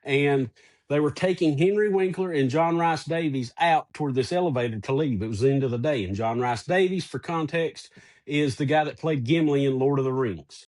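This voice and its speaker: A middle-aged man co-hosting a casual podcast, telling a personal story in an animated way. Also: on the high side, normal speed. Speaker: podcast co-host.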